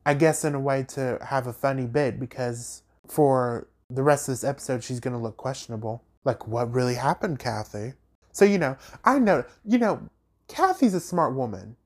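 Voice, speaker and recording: A man hosting a podcast, recapping and ranting about reality TV in an animated, emphatic way with sassy asides. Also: mid-range voice, moderate pace. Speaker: podcast host.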